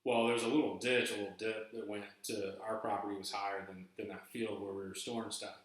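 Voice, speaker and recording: A man's voice: lowish voice, fairly quick, heavy reverb, poor audio. A man hosting a podcast, telling stories casually and acting out the people in them. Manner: animated, acts out quoted people in raised voices. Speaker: podcast host. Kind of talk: casual storytelling.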